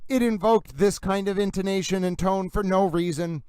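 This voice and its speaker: Theatrical high-voiced male stream host. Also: moderate pace, darkish tone, clear, resonant tone, poor audio. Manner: theatrical, mock-grandiose. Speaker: livestream host. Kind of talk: live-stream commentary.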